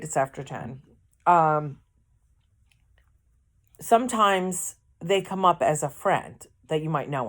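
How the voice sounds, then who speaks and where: A woman telling a rambling personal anecdote in a casual vlog, correcting herself as she goes. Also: on the low side. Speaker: vlogger. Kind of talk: casual storytelling.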